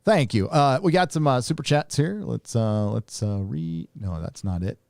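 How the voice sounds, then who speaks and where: A man's voice: mid-range voice, animated, normal speed, vocal fry, darkish tone, no echo. Dry-sounding middle-aged male stream host. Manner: loose and rambling, with frequent restarts. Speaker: host reading super chats. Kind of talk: casual live-stream chat.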